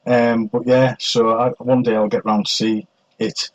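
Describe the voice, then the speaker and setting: A man's voice: mid-range voice, little pitch movement, unhurried, dull audio. A man hosting a podcast, chatting casually about films in a rambling way, with frequent restarts and casual swearing. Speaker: podcast host. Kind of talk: casual film chat.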